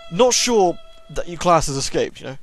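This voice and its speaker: Over faint background music, a let's play host plays a horror game and offers joking, sarcastic commentary despite a sore throat. His voice sits fairly high and sounds animated, moving at a moderate pace.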